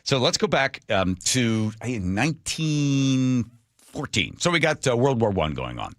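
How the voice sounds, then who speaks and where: A man hosting a radio talk show, casually retelling a history story with jokes and quick put-on voices. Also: mid-range voice, very animated, fairly bright tone, no echo. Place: radio studio. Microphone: studio microphone.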